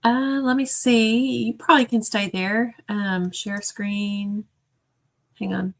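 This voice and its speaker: A woman's voice: medium pitch, little pitch movement, takes it slowly, vocal fry. A woman co-hosting a livestream, talking in a helpful, matter-of-fact way. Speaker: livestream co-host. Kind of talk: casual livestream chat.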